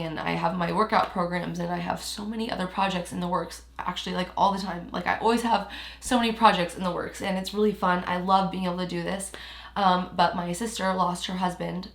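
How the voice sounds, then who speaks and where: Speaking in a lowish, gravelly voice, a young woman records an emotional personal vlog in a room with echo. Nearly crying, she rambles on, leaning heavily on "like" and similar fillers.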